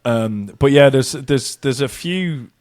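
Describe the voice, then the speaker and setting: A man's voice: mid-range voice, slow pace, a little mellow, no room sound, clean studio sound. A British man co-hosting a podcast, chatting casually with many stammered restarts and easy laughter. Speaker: podcast co-host.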